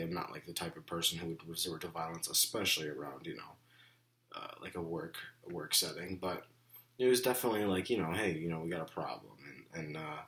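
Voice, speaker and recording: A man's voice: sits low, sharp tone. A young man venting in a rambling, frustrated monologue, full of "you know" and "like" fillers. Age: young adult. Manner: frustrated, indignant. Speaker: vlogger.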